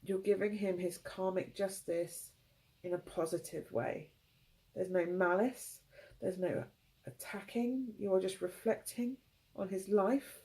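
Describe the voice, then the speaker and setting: A woman giving an intuitive tarot reading, tearful, speaking in gentle, halting phrases. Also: medium pitch, steady tone, poor audio. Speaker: tarot reader.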